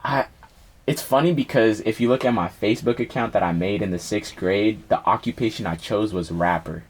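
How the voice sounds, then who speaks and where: Husky young man telling a story. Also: lowish voice, a little fast. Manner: slangy, profane, animated storytelling. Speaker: rapper guest. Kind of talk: casual storytelling interview.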